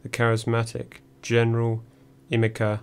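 A man reading a first-person memoir audiobook in a measured, dry storytelling manner. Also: medium pitch, monotone, a little mellow, smooth. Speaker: audiobook narrator.

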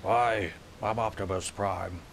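A man doing an impression of Optimus Prime, the robot leader, in a deep, gravelly, slow, theatrical voice over game voice chat. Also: fairly even intonation, slight background noise. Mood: commanding. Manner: slow, heavy, theatrical delivery.

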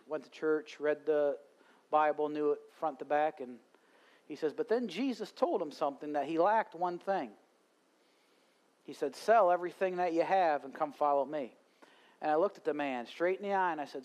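A pastor delivers a sermon at a live church service, moving from storytelling into fervent preaching. His voice sits notably high for a man. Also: a little mellow.

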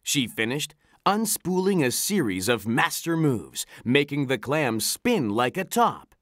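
A narrator reading a children's storybook aloud in an animated, expressive way. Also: mid-range voice, unhurried, no room sound, clean studio sound.

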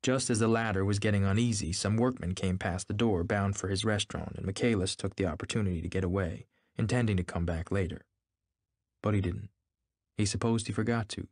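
Deep-voiced man reading steadily. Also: no echo, studio quality. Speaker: narrator. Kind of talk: scripted narration.

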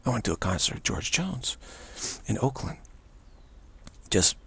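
Gravelly, very husky man telling stories. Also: on the low side, unhurried. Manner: animated storyteller, acts out other people's voices; repeats and restarts words often. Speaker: spiritual teacher. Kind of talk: informal spiritual talk.

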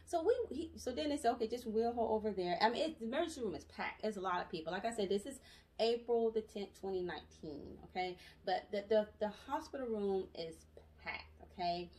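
A young adult woman telling her story in a casual, animated vlog, chatty and full of asides. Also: mid-range voice, brisk. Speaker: vlogger. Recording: voice distant from the mic.

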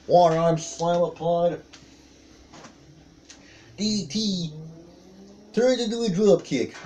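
A man calls a wrestling bout blow by blow, breaking into excited yelps as each move lands. His voice sits a bit high but has a soft, mellow tone, and he takes his time between calls. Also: slow pace, slight background noise. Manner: excited exclamations, calls out moves. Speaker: commentator. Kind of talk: play-by-play commentary on a wrestling match.

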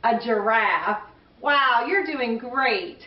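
An older woman hosting a children's show, talking warmly and encouragingly to young kids. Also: a little high, lively intonation, slow pace. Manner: warm, encouraging, kid-directed. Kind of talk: chatty talk to young children. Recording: roomy, distant, dull recording.

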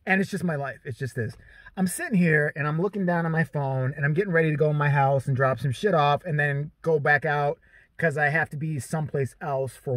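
Brief: young male vlogger, high voice, crude and excitable, dry close sound in a parked car. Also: dry recording. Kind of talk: casual storytelling vlog.

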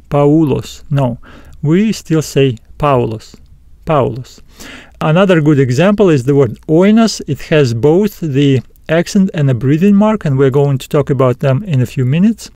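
A man giving a recorded language lesson, pronouncing each sound slowly and repeating it, with frequent "uh" fillers. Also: fairly high pitch, mellow, no room sound, studio quality. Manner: slow, careful repetition of each sound. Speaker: Greek teacher.

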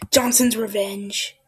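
A woman giving excitable let's play commentary, yelping at mishaps and dropping into whispered asides. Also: mid-range voice, slightly rough. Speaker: gameplay commentator.

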